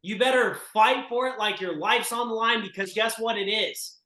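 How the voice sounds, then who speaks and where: A man with a high, bright voice leads a group coaching session for real estate agents. He speaks with force and emphasis and keeps pressing his listeners to act. The room gives his voice a noticeable echo. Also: normal speed.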